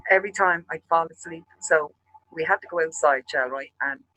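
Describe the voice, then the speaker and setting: A man hosting a chat show, telling a rambling, profane story in an animated way. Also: a little high, fairly quick, rough recording. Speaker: show host.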